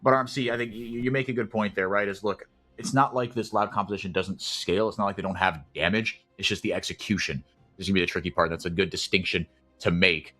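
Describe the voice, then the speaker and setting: A man calling esports play-by-play, chatty and rambling, who gets loud and excited when fights break out. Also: low voice, fast talker, faint music behind. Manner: excitable, rises sharply in big fights. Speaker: play-by-play caster.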